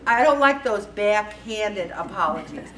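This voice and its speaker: In an echoey meeting room, a woman who leads a faith-based support group talks casually to the group, chatty and animated, acting out the voices she quotes. Her medium-pitched voice is unhurried, picked up by a distant mic with slight background noise.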